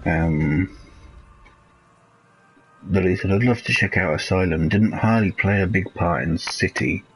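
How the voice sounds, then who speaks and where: A man's voice: low-pitched, a little slow, faint music behind, rough recording. A man, casually commenting while playing a video game live, rambling and swearing and often trailing off mid-thought.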